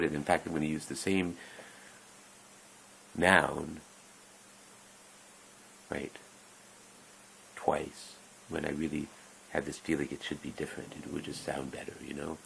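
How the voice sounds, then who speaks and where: A man's voice: low-pitched, creaky, a bit bright, slight background noise, poor audio. A man talking in a rambling, meandering way, often breaking off mid-sentence and chuckling as he goes. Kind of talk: rambling casual monologue.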